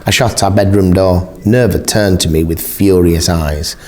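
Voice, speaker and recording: A man reading a first-person novel aloud as an audiobook narrator, measured and expressive. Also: low-pitched.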